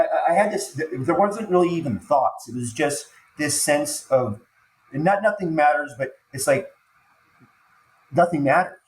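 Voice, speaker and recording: A man recounting a frightening personal experience as a podcast guest, halting and stumbling over restarts, sounding choked up as he talks. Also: on the high side, slight background noise. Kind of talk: emotional personal storytelling. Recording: roomy echo.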